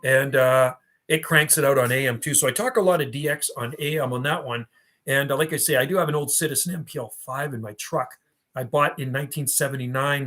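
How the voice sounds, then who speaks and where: Man in his fifties, livestream host, chatty rambling reminiscer, mid-pitched voice. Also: fairly bright tone. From Canada. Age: 50s. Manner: rambling and reminiscing, answering chat. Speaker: livestream host and radio hobbyist. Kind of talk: casual livestream chat.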